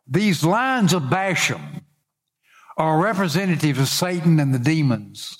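A man's voice: fairly high pitch, very animated, measured pace, breathy edge. A middle-aged male pastor preaching a sermon in an earnest way, reading scripture aloud and lifting his voice on the quoted cries.

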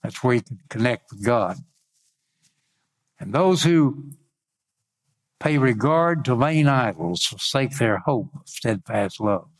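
Folksy preacher reading scripture. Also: male voice, lively intonation, takes it slowly, long pauses. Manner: reads scripture aloud with rising pitch, adds folksy asides. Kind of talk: sermon.

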